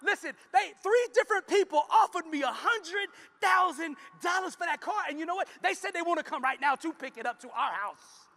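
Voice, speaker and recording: A man voicing a young girl in a story he tells on stage, speaking as the daughter in high, bright tones. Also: animated, fast talker, hardly any pauses, heavily acted. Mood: ecstatic. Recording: long reverb of a conference hall.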